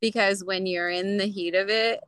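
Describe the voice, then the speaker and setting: Young woman guest, candid and laughing, bright forceful voice. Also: medium pitch, fairly even intonation, moderate pace. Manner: candid, laughs often, acts out quotes. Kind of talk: casual interview chat.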